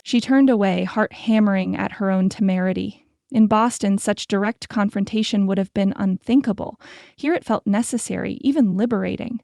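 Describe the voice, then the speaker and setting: A woman narrating a historical romance audiobook in a steady, scripted storytelling manner. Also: medium pitch, gravelly, no room sound, studio quality.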